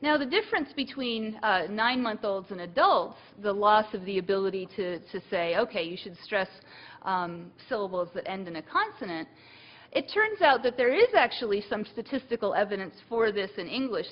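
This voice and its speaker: A woman's voice: mid-range voice, expressive, moderate pace. Woman lecturing, muffled recording. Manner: thinking aloud with many fillers and restarts. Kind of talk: university lecture.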